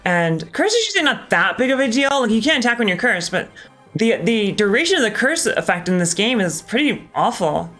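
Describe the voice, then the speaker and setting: A man's voice: high-pitched, very animated, a little fast, a bit bright, soft background music. A man doing live gameplay commentary as a streamer, talking casually and candidly, swearing often and hesitating with many ums. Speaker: game streamer.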